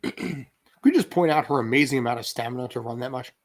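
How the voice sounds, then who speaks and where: A man giving relaxed, chuckling commentary at a film watch party, clearing his throat often. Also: mid-range voice, fast. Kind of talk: casual commentary over a film.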